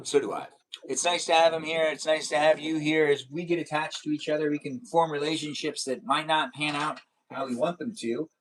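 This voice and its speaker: A young man with a fairly high voice live-streams a racing game. He chats casually and playfully with viewers, slipping into silly sing-song noises.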